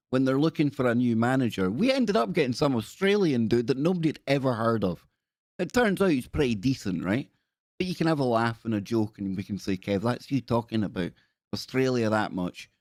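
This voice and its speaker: A man's voice: medium pitch, a little mellow, no echo, clean studio sound. A Glaswegian man from Scotland hosting a live stream, chatting in a jokey, rambling way and often breaking off mid-sentence. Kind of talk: casual live-stream chat.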